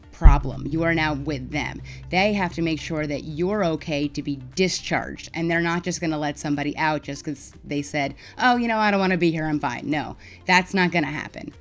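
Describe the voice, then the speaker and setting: Frank New York woman with a lowish voice. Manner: frank and wry, gets loud and heated when retelling arguments. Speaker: mental health advocate vlogger. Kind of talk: casual personal storytelling to camera.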